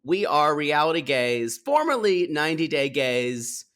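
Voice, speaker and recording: A man's voice: fairly high pitch, big pitch swings, measured pace, fairly bright tone. A man co-hosting a reality TV podcast, chatty and dramatic, drinking while he talks. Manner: chatty, dramatic, tipsy banter. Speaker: podcast co-host. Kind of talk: casual chat.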